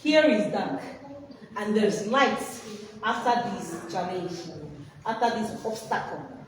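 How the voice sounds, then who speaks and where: A woman's voice: mid-range voice, lively intonation, slow pace, crowd noise. A woman presenting a workshop, quizzing her listeners with prompts for them to finish. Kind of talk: interactive teaching talk. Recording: echoey hall, distant mic, background noise.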